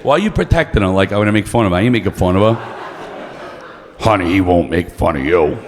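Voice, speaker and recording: A man's voice: deep voice, lively intonation, fast, noisy background. A man doing stand-up, brash and profane, teasing the crowd. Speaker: stand-up comedian. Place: comedy club stage. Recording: long reverb of a club room.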